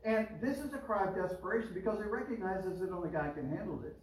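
Pitched high and talking fast, this pastor delivers his sermon in a chatty style, his voice rising emphatically on key words. It's recorded from a distance, with the room's echo audible.

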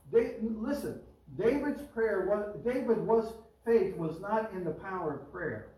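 A man's voice: high voice, expressive, measured pace, warm tone. Echoey preaching man, heard from afar. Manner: conversational preaching, rising emphatic on key words. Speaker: pastor. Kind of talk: sermon. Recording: roomy echo, mic at a distance.

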